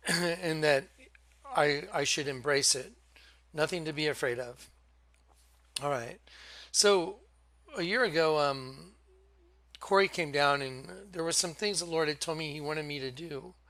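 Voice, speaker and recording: A man with a fairly high, bright voice gives an earnest religious testimony straight to camera. He talks in a halting way, often stopping and restarting his sentences. The sound is dry and close, with no room echo. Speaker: religious video host giving testimony.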